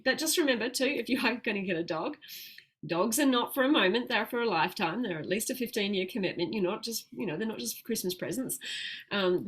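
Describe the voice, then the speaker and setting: This is a woman coaching viewers through a live-streamed talk, in a middle-pitched voice. She sounds chatty and upbeat and laughs easily. She slows right down when she talks about calm breathing. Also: slightly rough. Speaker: plant-based health coach.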